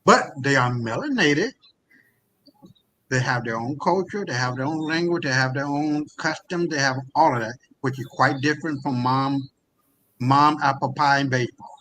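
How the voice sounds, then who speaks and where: A man from the United States, a guest in a discussion, talking in a heated, impassioned rant that often rises toward a shout. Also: mid-range voice, normal speed, rough recording. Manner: impassioned, profane, often raising his voice to near shouting. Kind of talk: heated ranting talk.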